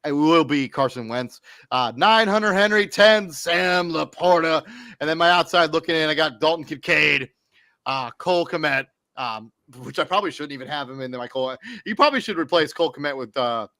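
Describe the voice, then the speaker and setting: A man's voice: fairly high pitch, moderate pace, pushed and bright, no echo, studio quality. A man co-hosting a sports podcast, reading off fantasy football rankings in a loose, off-the-cuff way with fillers and self-corrections. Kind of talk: casual sports podcast talk.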